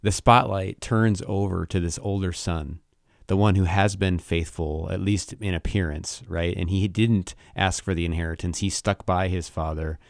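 Gravelly deep-voiced man discussing faith. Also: steady tone, no room sound, clean studio sound. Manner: thoughtful, halting, restarts mid-thought. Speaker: co-host.

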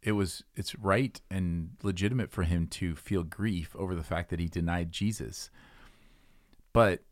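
A man's voice: deep voice, a little slow, no echo, studio quality. A man reflecting thoughtfully on a Bible passage in casual conversation. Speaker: Bible discussion speaker.

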